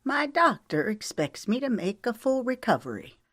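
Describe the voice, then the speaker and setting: A woman's voice: a little high, sing-song, normal speed, a bit bright, no room sound, clean studio sound, pitched above the performer's own voice. A woman narrator voicing a frightened mother whose voice trembles as she breaks hard news.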